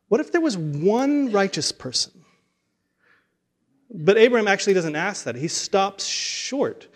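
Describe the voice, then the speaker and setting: A man with a fairly high voice preaches in a loose, conversational way. He restarts phrases and repeats words as he works through his point. He also acts out the people in the story he tells. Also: very animated, a little slow, long pauses. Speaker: pastor. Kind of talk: sermon.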